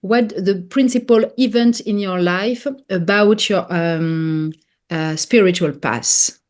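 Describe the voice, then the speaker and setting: A woman's voice: mid-range voice, slow, a little mellow. French-accented woman hosting an interview. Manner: hesitant, searching for English words, many fillers. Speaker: podcast host.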